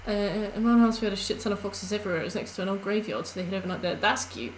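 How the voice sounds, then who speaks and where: A woman's voice: mid-range voice, rapid-fire, a little hiss or hum, low-quality recording. A young woman chatting casually on a live stream while she plays, rambling through stories with lots of fillers.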